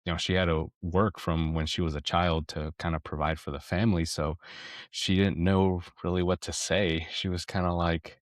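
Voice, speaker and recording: A man's voice: low-pitched, level tone, moderate pace, no room sound, studio quality. A man co-hosting a parenting podcast, telling a personal story in a rambling, reflective way with many restarts. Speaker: podcast co-host. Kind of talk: casual storytelling chat.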